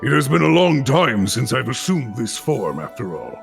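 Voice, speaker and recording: A man's voice: mid-range voice, very animated, moderate pace, gravelly, faint music behind. A man voicing an ancient divine wolf, speaking in formal, archaic phrasing. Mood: musing.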